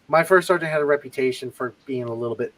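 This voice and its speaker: A man's voice: mid-range voice, fast, rough recording. A man casually telling army stories on a livestream, swearing freely and acting out the people he quotes. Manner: profane, animated anecdote-telling with quoted voices. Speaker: livestream co-host, army veteran. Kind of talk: casual storytelling chat.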